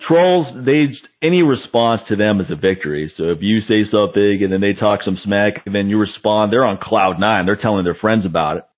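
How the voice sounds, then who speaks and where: A man's voice: lowish voice, brisk, hardly any pauses. A man hosting a casual radio interview, joking and laughing often. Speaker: radio host. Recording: phone-line radio sound.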